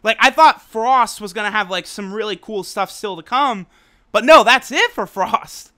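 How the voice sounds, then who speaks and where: A man reviewing an anime episode in a loose, excitable way, swearing freely and laughing as he recaps. His voice is bright and forceful. The tone is smooth and clear. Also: high-pitched, moderate pace. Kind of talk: casual video review.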